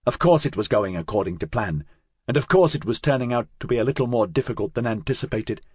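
A man narrating an audiobook in a measured, dramatic way, his pitch moving in a lively manner. His voice is husky, and the recording is dry and close with no room sound. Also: dry recording.

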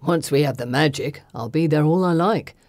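Woman doing Falson, a sneering gruff henchman. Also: deep voice, moderate pace, a little mellow, dry recording, clean studio sound, voice pushed down, natural voice. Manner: sneering, coarse working-class speech. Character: gruff scornful male henchman, middle-aged. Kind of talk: audiobook character voice.

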